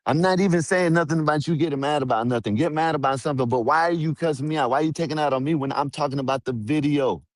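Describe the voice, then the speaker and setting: A man co-hosts a livestream during a heated argument, defending himself with stammers and constant repetition. His voice is fairly high and quick, with few pauses, and the recording is dry.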